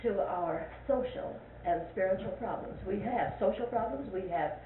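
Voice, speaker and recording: Speaking at a moderate pace in a mid-range voice, an older woman leads a Sunday school Bible class in a church classroom, far from the mic. Her manner is folksy and questioning, with frequent repetition for emphasis. The recording is lo-fi, echoey, and tinny, with faint hiss.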